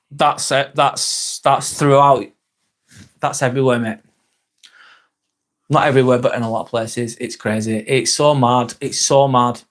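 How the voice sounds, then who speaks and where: A man's voice: mid-range voice, fairly even intonation, a little slow, long pauses. A young man, chatting bluntly on a live stream, reading and answering viewer comments and swearing freely. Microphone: phone.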